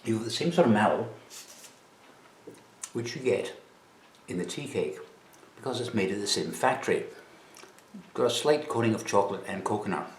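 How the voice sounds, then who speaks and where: A man's voice: on the low side, expressive, moderate pace, long pauses, echoey room, slight background noise. A Scottish man chatting casually on camera about snacks while tasting them, with a dry, chatty manner. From Scotland. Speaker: vlogger presenting snacks.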